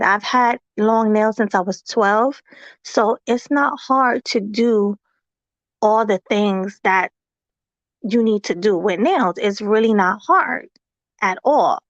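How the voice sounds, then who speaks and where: A woman hosting a casual live-stream chat, talking in an animated way and asking her viewers rhetorical questions. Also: a little high, takes it slowly, no room sound, lo-fi sound. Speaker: host.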